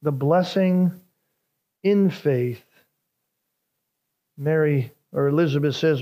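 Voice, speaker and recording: A man's voice: a little high, takes it slowly, pauses often, warm tone. A man preaching a sermon as a pastor, earnest and building emphasis as he explains scripture, with small repeats and restarts.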